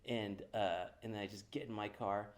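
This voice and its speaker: A man's voice: lowish voice, fairly even intonation, moderate pace. A man co-hosting a comedy podcast, telling a rambling story in casual chat with many fillers. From California.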